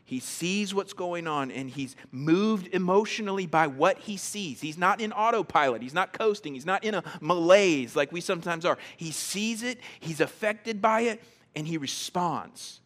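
A man delivers a sermon in a relaxed, conversational style. His voice sits a bit on the higher side, and he acts out reactions and doubles up words as he builds his points. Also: moderate pace. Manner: conversational, repeats words when starting sentences. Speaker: pastor.

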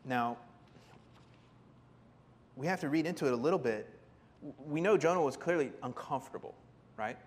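A man preaching a sermon, animated, acting out the people in the story with big jumps in his voice. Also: normal speed, long pauses, big-room sound. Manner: animated, acts out voices of biblical figures with big pitch jumps.

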